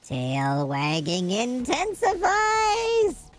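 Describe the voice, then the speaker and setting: A squeaky, sing-song dog teacher, bossy and teasing, as a man puts him on. The voice sits well above a man's own and swoops up and down, while faint music plays behind the game. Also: wildly swooping pitch, drawn-out words, exaggerated voice.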